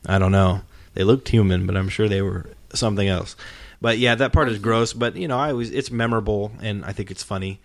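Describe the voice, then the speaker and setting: Low-voiced man hosting a casual podcast. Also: a little fast, no echo. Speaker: podcast host. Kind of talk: casual chat.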